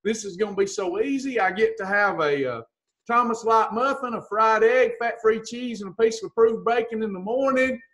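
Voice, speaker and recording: A woman's voice: fairly high pitch, normal speed. A woman gives a blunt, folksy motivational talk as a weight-loss coach and teases her listeners with pet names.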